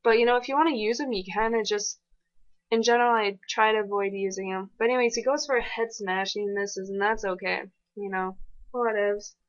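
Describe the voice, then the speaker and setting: A woman giving casual, fast and excitable commentary over her own gameplay. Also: medium pitch, dull audio.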